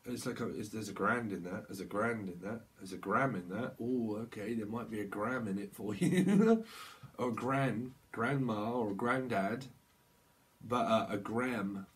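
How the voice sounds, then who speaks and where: A man giving a loose, rambling tarot reading, laughing often and acting out little quoted voices. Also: lowish voice. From United Kingdom. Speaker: tarot reader. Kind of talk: channeled tarot reading to camera.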